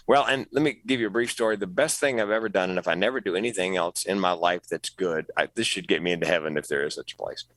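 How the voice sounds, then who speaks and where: Man, deep low voice, middle-aged, animated storyteller, dry close sound. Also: quick pace, hardly any pauses, no echo, poor audio. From North Carolina, US. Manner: animated storyteller, jumps up in pitch for quoted voices. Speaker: podcast guest, comedian. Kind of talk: storytelling interview.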